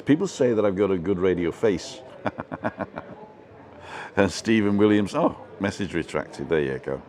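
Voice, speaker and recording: A man's voice: low voice, expressive, a little slow, pauses often, mellow. A man with a relaxing voice, from the UK, hosting a casual live stream and chatting his way through viewer comments.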